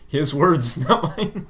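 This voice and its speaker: A man's voice: fairly high pitch, fairly bright tone. A man hosting a casual film review podcast, chatty, laughing often and repeating words as he starts sentences. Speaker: show host, film reviewer.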